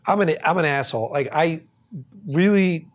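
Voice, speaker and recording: Fairly high-voiced man from Boston. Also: normal speed. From Boston, USA. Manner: rambling, swears freely, laughs through his stories. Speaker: podcast host. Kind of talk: casual podcast storytelling.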